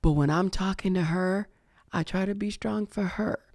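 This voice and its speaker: A middle-aged woman hosting a podcast, speaking slowly and reflectively about personal grief, often hushed and emotional. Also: mid-range voice, no room sound, studio quality. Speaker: podcast host.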